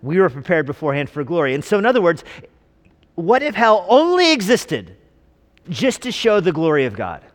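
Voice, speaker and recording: A man's voice: high-pitched, wildly swooping pitch, normal speed. Man preaching in a reverberant church. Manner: conversational preaching with jokes and rhetorical questions. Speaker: pastor. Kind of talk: sermon.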